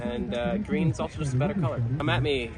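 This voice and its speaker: A man's voice: a little high, expressive, fast. A man chatting casually outdoors at an orchard, making dry jokes and mock-serious claims. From New York. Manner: dry, joking. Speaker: vlogger's partner. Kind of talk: casual vlog chat.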